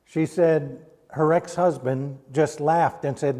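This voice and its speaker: Middle-aged male pastor, fairly high mellow voice, storytelling sermon with hushed solemn turns. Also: fairly even intonation, slow pace. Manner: hushes to a near-quiet voice at solemn points. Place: church sanctuary.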